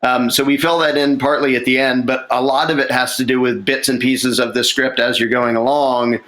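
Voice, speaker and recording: A man's voice: medium pitch, steady tone, brisk, a bit bright, poor audio. A man talking casually about a film script he is writing, rambling with restarts and acting out lines. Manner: rambling, many restarts and fillers, acts out lines. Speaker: screenwriter.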